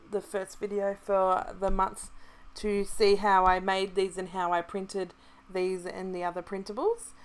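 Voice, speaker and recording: A woman with an Australian accent talking casually through a scrapbooking tutorial, thinking aloud as she works. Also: mid-range voice. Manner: chatty, relaxed, thinking aloud with restarts. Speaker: craft kit club presenter. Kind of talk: casual craft tutorial voice-over.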